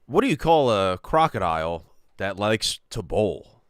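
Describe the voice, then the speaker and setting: A playful man telling corny jokes, his pitch swooping wildly up and down as he talks. He sits close to a dry studio mic. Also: sing-song, a little slow, clean tone, no echo. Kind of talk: telling jokes in casual chat.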